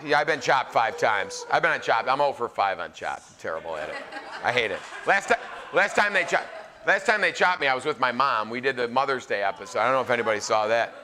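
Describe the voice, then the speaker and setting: A man in his forties, a chef, telling funny stories live to a crowd in a casual, animated way. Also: medium pitch, fast talker. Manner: animated, joking, filler-heavy. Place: live event venue.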